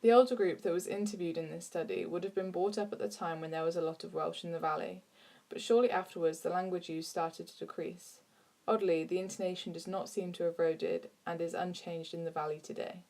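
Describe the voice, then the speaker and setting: A woman reads a scripted lesson in a measured, informative way. Her voice sits on the low side. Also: steady tone, vocal fry, a little mellow. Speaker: narrator. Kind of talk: scripted narration.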